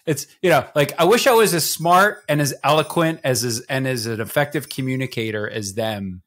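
A man co-hosting a podcast in a casual group chat, animated and rambling, with lots of fillers and self-deprecating asides. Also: mid-range voice, normal speed. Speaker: podcast co-host.

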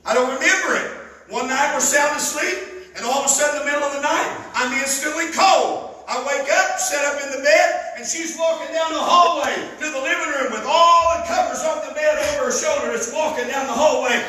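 A man preaching a sermon, telling stories fervently and bursting into loud emphasis. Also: very high-pitched, fairly quick, slight background noise. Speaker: pastor. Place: church sanctuary. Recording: echoey church hall, mic at a distance.

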